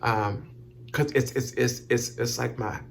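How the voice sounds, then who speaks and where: A man speaking to camera in a halting, emotional way, repeating and restarting words as he holds back tears. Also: medium pitch, steady tone, creaky, slight background noise. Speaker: vlogger giving thanks. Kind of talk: emotional personal talk to camera.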